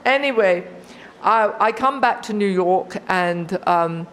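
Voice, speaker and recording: A woman in her sixties telling a personal story at a recovery meeting, animated and acting out her own thoughts. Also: medium pitch, slow, slight background noise. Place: meeting hall.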